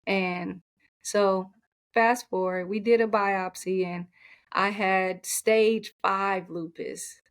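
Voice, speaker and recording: A woman coach speaks as a podcast guest, telling her own story with candid feeling. Her voice sits in an ordinary middle pitch. She talks in a heartfelt, lively way. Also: slow pace. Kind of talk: personal storytelling in an interview.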